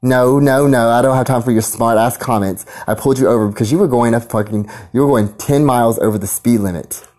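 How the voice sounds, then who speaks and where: A man's voice: medium pitch, brisk, few pauses, darkish tone, lightly acted. A man putting on the voice of a bossy, condescending male traffic cop, barking orders.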